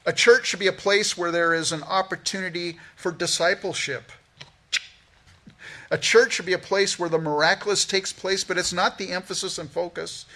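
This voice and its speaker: A male pastor preaching a sermon in a church, talking conversationally with lively asides. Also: high-pitched, moderate pace. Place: church sanctuary.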